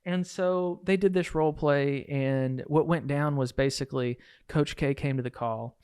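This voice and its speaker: A man hosting a podcast, telling a coaching story in a lively way and acting out the quoted dialogue. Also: fairly high pitch, normal speed, clean tone, no room sound. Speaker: podcast host and real estate coach.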